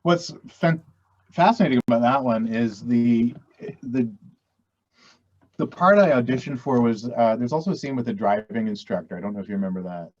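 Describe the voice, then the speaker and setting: A man's voice: mid-range voice, expressive, normal speed, darkish tone. A middle-aged man from western Canada, chatting as an actor guest in a casual interview, rambling and self-deprecating with many restarts. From West Coast Canada. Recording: dull lo-fi audio.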